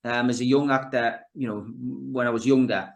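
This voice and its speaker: A middle-aged man chats as a podcast guest, spinning stories with lots of stops and restarts. His voice sits at a middle pitch for a man. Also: normal speed, vocal fry. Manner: animated storyteller with many restarts and fillers. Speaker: guest, actor and filmmaker. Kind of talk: casual interview chat.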